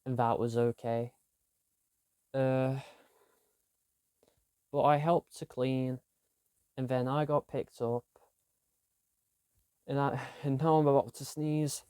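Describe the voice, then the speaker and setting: Slow, rambling young guy. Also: mid-range voice, fairly even intonation, mellow, clean tone, dry recording, clean studio sound. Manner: rambling, self-deprecating, trailing off. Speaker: vlogger. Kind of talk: casual weekly diary vlog.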